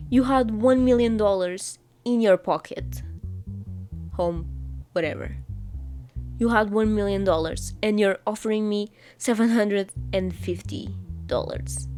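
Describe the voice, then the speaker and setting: Playful slow-talking woman gamer. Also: mid-range voice, a little mellow. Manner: playful, exclamatory, reads on-screen text aloud. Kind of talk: casual gameplay commentary.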